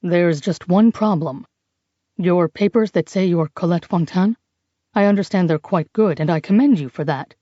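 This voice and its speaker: Lady narrator doing a low dry know-it-all forger guy, talks right over people, mellow tone. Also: no room sound, muffled recording, natural voice. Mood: dry, condescending. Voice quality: condescending, brisk, talks over others. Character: sharp-witted brisk man, a forger. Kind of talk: audiobook character voice.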